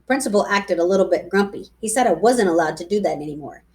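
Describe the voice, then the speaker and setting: A woman reading a children's chapter book aloud in a playful, lively voice. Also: mid-range voice, fast talker, hardly any pauses. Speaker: reader. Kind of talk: storybook read-aloud.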